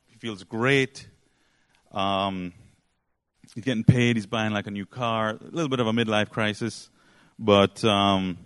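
Male preacher, mid pitch, rambling storyteller, dry close sound. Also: no room sound. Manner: rambling storyteller, many fillers. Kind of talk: sermon.

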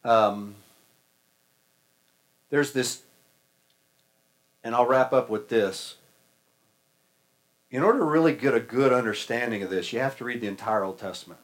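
A man's voice: mid-range voice, measured pace, pauses often, low-quality recording. Folksy, conversational male preacher. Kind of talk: sermon.

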